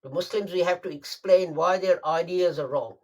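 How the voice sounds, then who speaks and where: Man preaching a sermon, fairly high voice, emphatic, repeats phrases, paced pauses. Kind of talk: Friday sermon.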